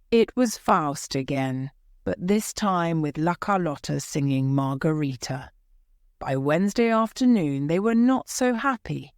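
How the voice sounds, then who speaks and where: Low-voiced woman reading a story for learners, super slow and clear, dry close sound. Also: darkish tone, dry recording. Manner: slow, careful. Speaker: narrator. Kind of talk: graded reader narration for learners.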